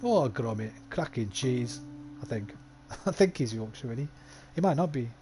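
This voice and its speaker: A man's voice: medium pitch, lively intonation, normal speed, warm tone, a little hiss or hum. A man giving casual let's-play commentary, talking to himself and swearing freely. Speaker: gaming livestreamer.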